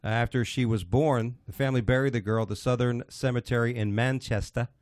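A man's voice: medium pitch, steady tone, fairly quick, darkish tone, no room sound, clean studio sound. A man hosting a casual podcast, swearing freely and rambling through news stories with his co-hosts. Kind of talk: casual banter, reading news stories aloud.

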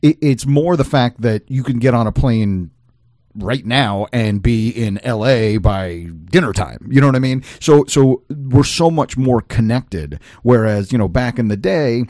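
A man's voice: mid-range voice, unhurried, no echo, studio quality. A man co-hosting a casual talk show, talking with lots of fillers and restarts. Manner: animated, many fillers and restarts. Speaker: co-host. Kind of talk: casual chat.

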